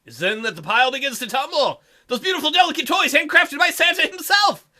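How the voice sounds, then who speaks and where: A man's voice: extremely high pitch, expressive, brisk, sharp tone. A man hosting a visual novel playthrough, narrating the text with crude, joking asides. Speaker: let's play host.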